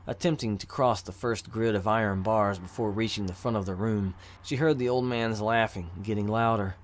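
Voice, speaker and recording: A man narrating a fantasy story in an even, measured reading voice. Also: on the low side. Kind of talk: audiobook narration of fantasy fiction.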